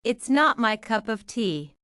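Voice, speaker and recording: A woman's voice: on the high side, sing-song, measured pace, a bit bright, dry recording, studio quality. A woman reading English example phrases in a lesson, enunciating carefully and repeating each phrase. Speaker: English teacher.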